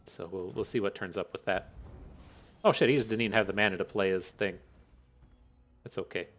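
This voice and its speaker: A man's voice: deep voice, brisk, fairly bright tone, soft background music. A man thinking aloud as he commentates his own card game, swearing freely and grumbling between plays. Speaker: gameplay commentator. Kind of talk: casual gameplay commentary.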